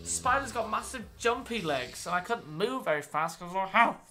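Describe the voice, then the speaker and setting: A woman's voice: mid-range voice, animated, moderate pace, music in the background. A woman streaming gameplay, talking to herself with panicky outbursts, yelps and swearing. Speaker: game streamer. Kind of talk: live gameplay commentary.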